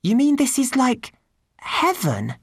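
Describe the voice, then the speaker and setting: A woman's voice: high-pitched, huge pitch swings, slow pace, breathy edge, no room sound, clean studio sound, voice pushed up, exaggerated voice. A woman doing an earnest young girl. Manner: earnest, questioning. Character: brave, curious young village girl.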